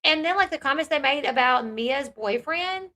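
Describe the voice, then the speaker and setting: A woman's voice: high-pitched, expressive, normal speed, pushed and bright. A woman hosting a reaction channel, commenting bluntly and sarcastically on clips she plays.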